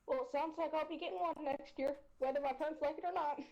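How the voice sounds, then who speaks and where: High-voiced young woman on lo-fi chat. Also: steady tone, fast talker, gravelly. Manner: playful, giggly. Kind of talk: casual chat. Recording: dull lo-fi voice chat.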